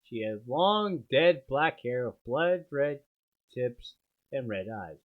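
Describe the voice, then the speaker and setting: A man's voice: medium pitch, animated, takes it slowly. A man doing a comedic dramatic reading, with sardonic asides and laughter at the text. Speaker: streamer reading aloud. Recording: dull lo-fi stream audio.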